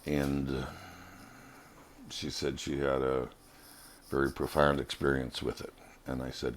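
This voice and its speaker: Very deep, slow-spoken man. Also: little pitch movement, slight background noise. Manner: earnest, halting storytelling. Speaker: vlogger. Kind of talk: personal spiritual testimony.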